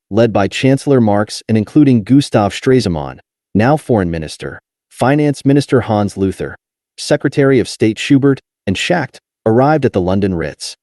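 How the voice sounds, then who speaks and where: A man narrates a nonfiction history audiobook in a low, warm voice. His pitch moves expressively from phrase to phrase, and his reading stays measured and steady. The sound is dry and close. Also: no echo.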